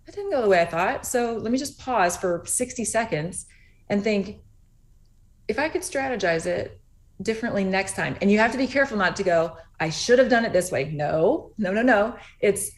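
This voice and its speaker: A woman's voice: mid-range voice, lively intonation, moderate pace. Earnest woman guest on a video call. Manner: earnest, storytelling, acts out quoted dialogue. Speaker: interview guest. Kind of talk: animated conversational interview.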